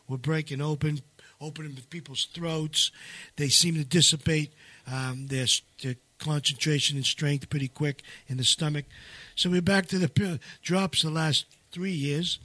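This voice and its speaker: A man with a fairly high voice talks in a loose, rambling flow, stacking restarts and fillers, then leans hard into the points he cares about. The recording is dry and close, with no room sound around him. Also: bright, forceful tone, no echo. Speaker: seminar leader and co-author. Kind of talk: casual promotional chat.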